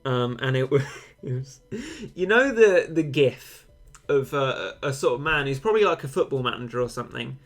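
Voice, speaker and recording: Young male streamer, middle-pitched, casual rambling chat with mock-drama, faint music bed. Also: lively intonation, moderate pace, fairly bright tone. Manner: chatty and rambling, given to mock-dramatic overstatement. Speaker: game streamer. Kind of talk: casual live-stream chat reading out and answering viewer comments.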